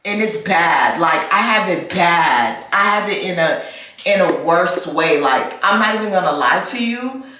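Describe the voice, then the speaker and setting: This American vlogger, a young woman, rants expressively in a casual clip, swearing and going over the same points. Her low-side, expressive voice sounds pushed and bright at a measured pace, recorded on a camera mic in a very echoey room with a little hiss or hum.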